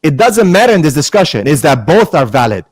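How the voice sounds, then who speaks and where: A man's voice: on the high side, sing-song, a little fast, slightly rough, no echo. Man, heated debate, combative, Arabic phrases, dry sound. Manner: combative, mixes Arabic religious terms.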